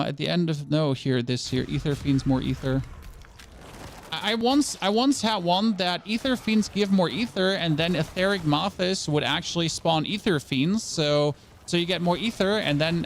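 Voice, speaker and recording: A man's voice: on the high side, vocal fry, a little hiss or hum. A young man giving casual gameplay commentary as a streamer, rambling, stammering over his words and asking his viewers questions.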